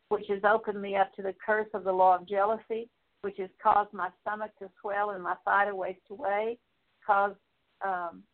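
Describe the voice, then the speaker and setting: A woman Bible teacher leading a prayer of confession in earnest, repetitive petitions with halting pauses. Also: mid-range voice. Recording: tinny phone-like recording.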